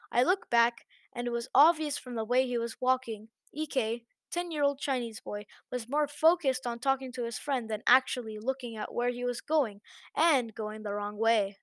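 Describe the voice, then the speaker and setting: A woman narrating an online story as the host of a channel, in a lively, chatty manner. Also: a little high, dry recording.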